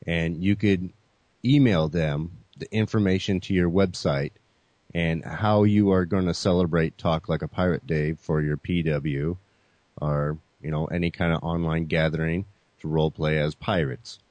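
Deep-voiced male podcast host. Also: fairly even intonation, moderate pace, a little mellow, dry recording. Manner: laid-back, addresses listeners as folks, many "you know" fillers. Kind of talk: casual chat.

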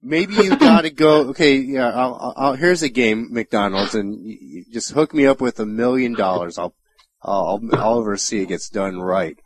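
A man's voice: mid-range voice, moderate pace, poor audio. A man joining a casual gaming chat, wry and self-mocking. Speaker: podcast guest, voice actor.

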